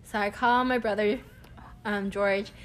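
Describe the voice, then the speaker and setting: A young woman, telling a long everyday story in a casual, animated way and laughing often. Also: mid-range voice, unhurried, slight background noise. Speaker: vlogger.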